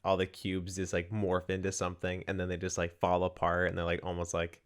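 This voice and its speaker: A man's voice: low voice, monotone, fairly quick. A man co-hosting a podcast, talking about a movie in a laid-back way with lots of "like" fillers. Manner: laid-back, heavy use of "like". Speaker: podcast co-host. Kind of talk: casual movie-review chat.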